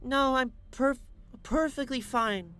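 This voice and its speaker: A man's voice: bright, forceful tone, full character voice. A man voicing a timid teenage girl who slurs her words while tipsy, in an audiobook reading. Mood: tipsy, pleading. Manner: slurred, halting, breathy high voice.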